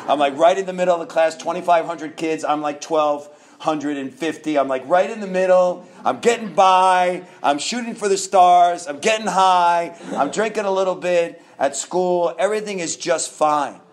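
A man's voice: high-pitched, moderate pace, few pauses. A man in his fifties from New York, a guest telling his own story candidly, rambling with restarts and laughs.

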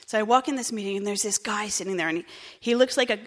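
Brief: Jersey-accented woman sharing her story, wry and candid, mid pitch, echoey hall. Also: fast. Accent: New Jersey. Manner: candid, wry, swings between hushed and animated. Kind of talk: personal recovery talk.

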